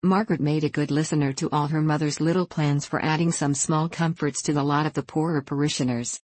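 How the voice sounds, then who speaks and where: A woman narrating a classic novel as an audiobook in a calm, even reading. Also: deep voice, a little fast, no echo.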